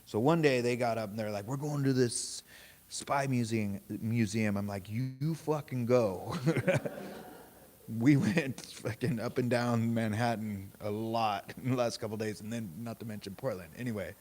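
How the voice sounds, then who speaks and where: A man leading a meditation group, telling a story in a relaxed, casual way, swearing freely and laughing often. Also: fairly low pitch, moderate pace. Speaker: meditation teacher. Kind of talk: casual dharma talk.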